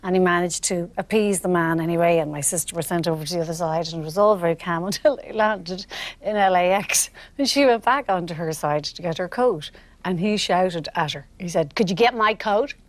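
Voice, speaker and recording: Woman, comic storyteller, fairly low voice, laughs a lot. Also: fairly quick, dry recording. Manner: laughs often while telling the story. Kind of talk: comic anecdote.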